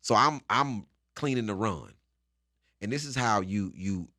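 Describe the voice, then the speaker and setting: Man, comedian guest, lively storytelling, bright tone, low voice, dry studio sound. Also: measured pace, dry recording. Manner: animated storyteller acting out scenes. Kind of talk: storytelling interview.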